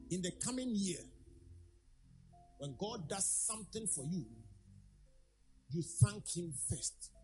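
A male preacher delivering a sermon, hammering home each point by saying it twice. His pitch rises and falls dramatically as he drives the message. Music plays clearly underneath him. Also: darkish tone, rough recording. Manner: emphatic, repeats key phrases, acts out quoted voices.

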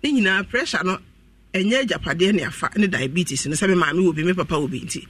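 Guy on radio giving health tips, talks real fast, a bit far from the mic. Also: high-pitched, animated, fairly bright tone. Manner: rapid, earnest explaining and advising. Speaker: health practitioner guest on radio. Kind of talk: radio health advice talk. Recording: voice distant from the microphone.

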